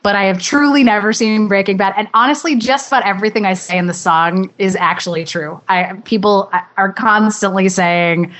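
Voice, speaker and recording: A bubbly woman guest talks fast and cheerfully in an interview, tumbling through her thoughts with plenty of restarts. Her voice sits at an ordinary, middle pitch. Her manner is playful and self-deprecating. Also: fairly bright tone. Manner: cheerful, babbling, quick to laugh. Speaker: actress guest. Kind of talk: casual interview chat.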